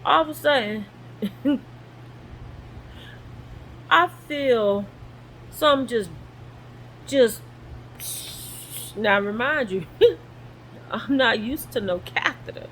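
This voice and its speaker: Woman, lively storyteller who acts out everyone she quotes, recorded in a guest room at home with a faint hiss. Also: on the high side, measured pace, pauses often, rough recording. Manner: animated, acts out quoted voices. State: in recovery, sore. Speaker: vlogger. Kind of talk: casual storytelling.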